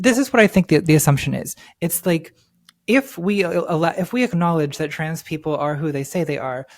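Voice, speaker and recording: A man co-hosting a casual discussion podcast, talking sardonically with lots of filler words. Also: fairly high pitch. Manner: sardonic, filler-heavy talk with many "like"s.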